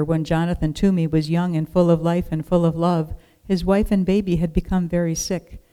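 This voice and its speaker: Calm storybook reader, mellow warm voice, smooth and clear. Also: medium pitch. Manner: calm, measured narration. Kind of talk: storybook reading.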